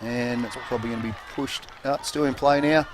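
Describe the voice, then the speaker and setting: A man with an Australian accent commentating a local football game in a relaxed, halting way with many fillers. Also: medium pitch, background noise. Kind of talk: casual sports commentary. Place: commentary box at an outdoor oval.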